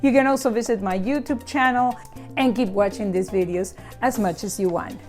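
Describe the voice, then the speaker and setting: A woman teaching in a lively, playful way, spelling things out slowly with examples. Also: mid-range voice, faint music behind. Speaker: Spanish teacher. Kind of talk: scripted video lesson.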